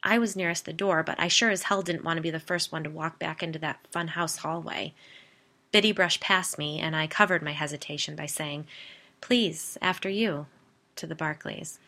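A woman's voice: deep voice, fairly even intonation, a little fast, pushed and bright. A woman narrating a story aloud in a wry storytelling manner. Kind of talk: scripted narration.

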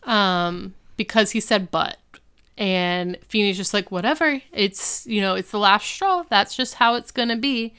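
A woman in her thirties chats through a recap with a bright, crisp tone. Her voice is smooth and clear. She keeps things loose and dips into little character voices as she retells scenes. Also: medium pitch. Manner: chatty, retells scenes with quick quoted voices. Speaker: podcast co-host. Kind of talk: casual recap chat.

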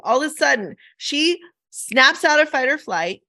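This podcast host speaks in a high, bright, forceful voice, animated yet a bit unhurried. Her casual storytelling wanders through a lengthy anecdote packed with fillers like "like" and "right?", and she performs the quoted voices herself.

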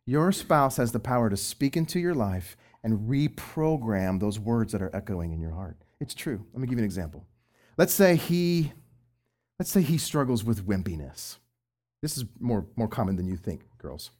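A middle-aged man and former youth pastor, talking about Christian marriage. His pitch leaps up and down with lively swings. He moves between loud, pressing emphasis and quiet asides. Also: normal speed. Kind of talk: Christian marriage advice talk.

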